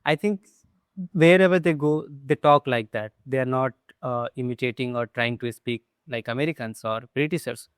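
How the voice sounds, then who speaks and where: A man with an Indian English accent hosts a casual conversation on his channel. His voice is smooth and resonant, recorded dry and close. He talks in a relaxed, agreeable way. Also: medium pitch, normal speed, dry recording. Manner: relaxed, agreeable, many short backchannels. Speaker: channel host.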